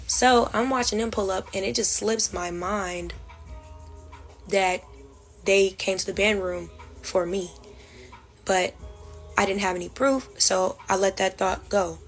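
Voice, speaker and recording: A young woman recounting a college incident in a detailed, measured storytime monologue. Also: mid-range voice, fairly even intonation, soft background music, low-quality recording. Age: young adult. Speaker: vlogger.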